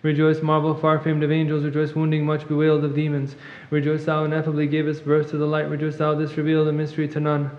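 Male reader, rapid monotone liturgical recitation; muffled, long church reverb. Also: on the high side. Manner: fast monotone recitation, clears throat at times. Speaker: reader at a monastery service. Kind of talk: rapid liturgical chant reading.

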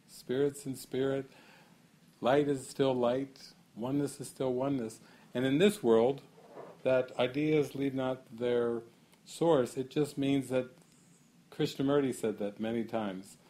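A man leading a spiritual gathering with a mid-range voice that is neither high nor low. He muses and poses questions, breaks into laughter often, and draws out his key phrases slowly. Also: darkish tone. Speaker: spiritual teacher. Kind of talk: talk to a gathering.

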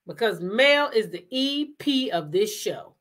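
A woman host in casual commentary mode, pressing her points with emphatic repetition and a string of pointed rhetorical questions. Her voice sits at an ordinary middle pitch, steady and conversational. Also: measured pace.

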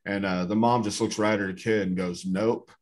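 A man doing stand-up comedy on a club stage, telling a story in a deadpan way and acting out the characters. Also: lowish voice, fairly quick.

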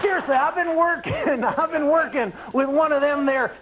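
A man's voice: very high voice, normal speed, very noisy. A man doing a sleazy partying president. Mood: boastful. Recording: loud disco music behind.

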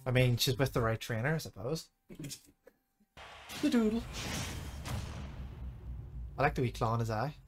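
Lively joking Irish man over game music. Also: mid-range voice, moderate pace, long pauses. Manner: joking, swears freely, breaks into silly put-on accents. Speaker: gamer. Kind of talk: casual gaming chat with a friend.

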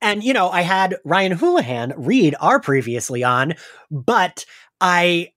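A man's voice: sits high, big pitch swings, a little slow, fairly bright tone, no echo. Male podcast host, stuffy-nosed, chatty storyteller; dry close mic. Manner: chatty storyteller, acts out quoted friends. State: congested from crying. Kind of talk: casual chat.

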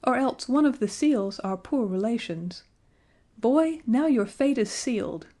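A woman's voice: medium pitch, very animated, moderate pace, mellow. A woman voicing a wicked chief sealskin dwarf in a storybook, screaming in rage. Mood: furious.

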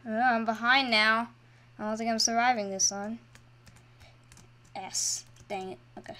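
Hosting her channel, this woman offers relaxed commentary on the game she's playing, her excitement jumping from low mumbling to shrill, loud screams. Her pace stays measured throughout.

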